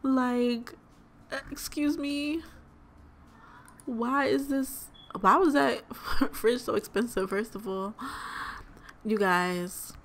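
A woman's voice: fairly high pitch, extremely slow, long pauses, fairly bright tone, a little hiss or hum. A young woman hosting a let's play, giving chatty, exclamatory gameplay commentary straight to her viewers.

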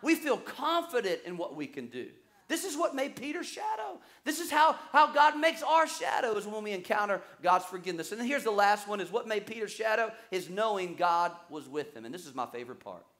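A male pastor preaching a sermon, telling stories with lively acted-out quotes and quick repetitions. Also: high-pitched. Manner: animated storytelling, acts out quoted voices; repeats words when excited.

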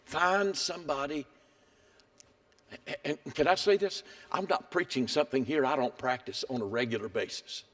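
Emphatic high-voiced older preacher. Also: male voice, moderate pace. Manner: dramatic swings between hushed and emphatic. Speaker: pastor. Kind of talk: sermon. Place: church sanctuary.

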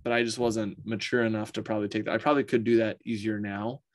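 Fast-talking man chatting on a call. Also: fairly low pitch. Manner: rambling, animated storyteller. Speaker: interview guest. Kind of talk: casual conversation.

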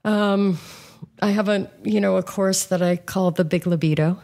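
A woman's voice: medium pitch, steady tone, normal speed, mellow. A woman guest and coach on a podcast, talking frankly and with animation, with many fillers. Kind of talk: casual conversation.

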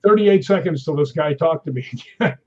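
A man's voice: a little high, fairly quick, highs cut off. A man telling ghost-hunting stories in casual chat, acting out what people said. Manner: animated anecdotes with acted-out quotes. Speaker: guest.

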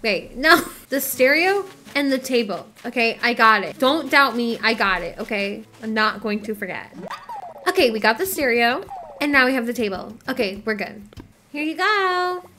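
A woman's voice: fairly high pitch, animated, normal speed, pushed and bright. A woman giving casual gameplay commentary, chattering in a scatterbrained, self-deprecating way. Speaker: gaming YouTuber.

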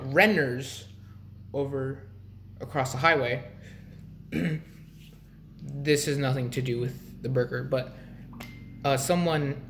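A young man talking casually to his vlog viewers, rambling with restarts and frequent throat clearing. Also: mid-range voice, fairly bright tone, slight background noise. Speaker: vlogger.

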